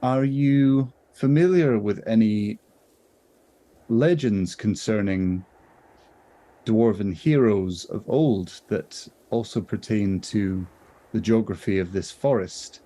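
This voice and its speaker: A man's voice: lowish voice, slow, dark tone. A man voicing a stubborn, curious dwarf. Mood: probing. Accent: British. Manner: probing, formal questions.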